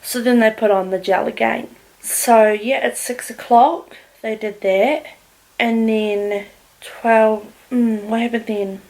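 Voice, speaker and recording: A woman's voice: fairly high pitch, slow, low-quality recording. A woman vlogger, candidly telling a personal story in casual talk, swearing often. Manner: candid, heavy swearing, animated retelling.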